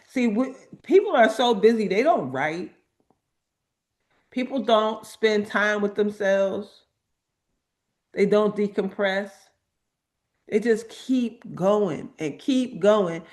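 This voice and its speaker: A woman hosts an inspirational talk at a slow, deliberate pace. She leans on repeated phrases to press each point home, and her pitch sits in an ordinary middle range. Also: darkish tone. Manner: emphatic, repeats phrases for effect. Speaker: host.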